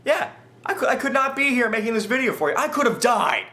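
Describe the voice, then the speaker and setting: At a quick pace, a man shares comic personal stories in his vlog. His delivery is exaggerated and lively, diving low and then shooting up high with excitement.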